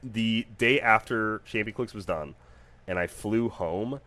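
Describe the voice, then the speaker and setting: Low-voiced man hosting a podcast. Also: measured pace. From United States. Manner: animated, jokey, rambling with fillers. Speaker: podcast host. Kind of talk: casual solo podcast storytelling.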